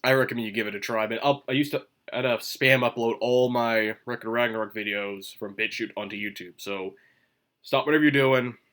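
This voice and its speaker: A man's voice: fairly even intonation, brisk, fairly bright tone. A man talks through a casual solo commentary video while chewing gum. He rambles from point to point and now and then jumps into an emphatic burst. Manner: emphatic bursts with sudden rises in pitch. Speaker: manga commentary video host.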